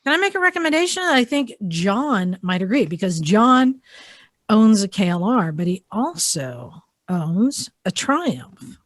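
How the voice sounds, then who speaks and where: Brisk joking woman host. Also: medium pitch, sing-song, no echo, clean studio sound. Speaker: podcast host. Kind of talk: casual chat.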